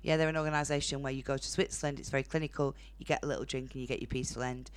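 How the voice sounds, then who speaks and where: Young Northern English woman, low-pitched, blunt stand-up delivery in a comedy club. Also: fairly even intonation, rapid-fire, clear, resonant tone. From Northern England. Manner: blunt, chatty, laughs at own jokes. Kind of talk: stand-up set.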